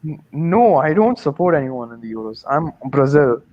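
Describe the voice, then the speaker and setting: A man's voice: fairly high pitch, very animated, moderate pace. A man co-hosting a football watch-along, firing back blunt banter. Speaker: co-host, Brazil fan. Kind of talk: casual chat. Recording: slightly dull, lo-fi audio.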